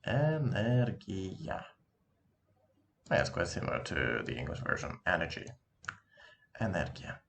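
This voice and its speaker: A man teaching a language lesson, patient and encouraging, repeating words slowly to show how they sound. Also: rumbling low, gravelly, sharp tone, a little hiss or hum. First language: Russian. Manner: slow, drawn-out demonstration pronunciations. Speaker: Russian teacher.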